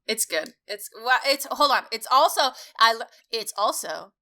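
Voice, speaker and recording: Bright flustered young woman podcaster. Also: fairly high pitch, lively intonation, moderate pace. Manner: swearing, flustered, laughing often. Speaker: podcast co-host. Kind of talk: casual banter.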